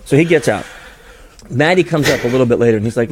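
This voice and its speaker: A man telling stories as a podcast guest in a casual, animated way, his voice jumping high when he gets excited. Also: quick pace, slight background noise. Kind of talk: casual storytelling.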